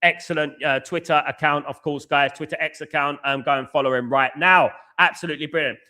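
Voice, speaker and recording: A man's voice: fairly high pitch, steady tone, a little fast, bright, forceful tone. A young British man hosting a football fan live stream, ranting at length and reading out viewer comments. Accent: British English. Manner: ranting, repetitive, frequently says "at the end of the day". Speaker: football podcast host.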